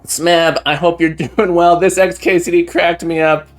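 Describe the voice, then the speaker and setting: A fairly high-voiced man hosts a casual live stream, greeting each viewer by name with effusive thanks. His talk rambles and restarts as he gets a little emotional. Faint background music plays under his voice. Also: flat delivery, a little slow. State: getting emotional.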